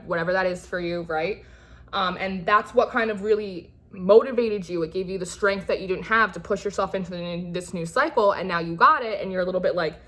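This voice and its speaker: A woman's voice: medium pitch, fairly bright tone. A young woman giving a casual, reassuring tarot reading, chatty and rambling, with many fillers and restarts. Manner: reassuring and encouraging. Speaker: tarot reader.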